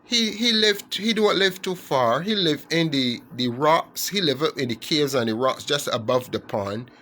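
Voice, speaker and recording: A man voicing a curious, excited little boy frog in a spoken storybook fable. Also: fairly high pitch, normal speed. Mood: eager.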